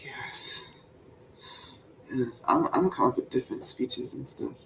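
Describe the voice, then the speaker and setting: A man on a voice chat reading speeches in a jokey, mock-preacher way, swinging between loud and whispered lines. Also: medium pitch, measured pace, vocal fry, rough recording. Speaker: show host. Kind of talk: playful Discord voice-chat reading.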